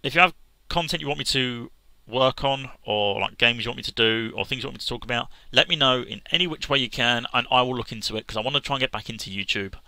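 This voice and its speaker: A man talking sincerely to camera as a gaming vlogger, halting with restarts and fillers. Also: mid-range voice, gravelly, bright, forceful tone, no room sound. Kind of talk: casual earnest talk to camera.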